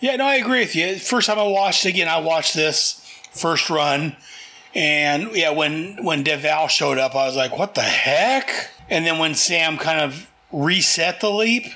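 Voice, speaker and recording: A man's voice: on the high side, measured pace, sharp tone. A man hosting a podcast about a TV show, in a jokey casual chat full of laughter. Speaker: podcast host.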